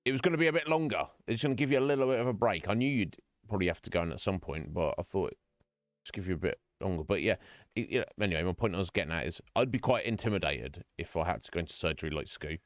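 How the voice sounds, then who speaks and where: A man's voice: low voice, fast talker, dry recording, studio quality. A man chatting casually with his viewers while streaming a game, talking earnestly and rambling with many restarts. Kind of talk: casual chat. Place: home streaming room.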